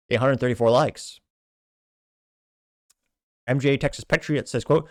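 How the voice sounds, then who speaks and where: A man's voice: mid-range voice, normal speed, pauses often, no room sound, clean studio sound. A man hosting a show, reading viewer comments aloud with wry asides in between. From United States. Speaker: show host.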